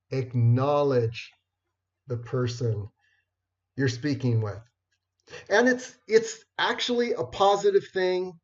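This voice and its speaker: Slow, unhurried man presenting. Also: medium pitch, darkish tone. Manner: unhurried, many fillers and restarts. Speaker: networking presenter. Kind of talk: informal talk on networking skills. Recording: dull lo-fi recording.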